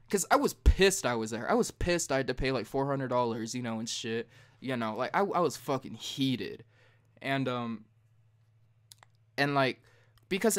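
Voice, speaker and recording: Profane, heated young man telling stories. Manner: profane, heated, animated retelling; jumps high and loud when mimicking himself. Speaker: podcast host. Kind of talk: casual late-night podcast storytelling.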